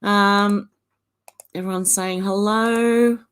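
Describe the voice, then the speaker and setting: A woman's voice: medium pitch, steady tone, slow, a bit bright, clear, resonant tone. Chatty Australian woman with a smoker's cough. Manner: chatty, laughs often, greets viewers by name. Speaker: channel host. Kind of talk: casual livestream chat. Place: indoors at home, beside a filing cabinet.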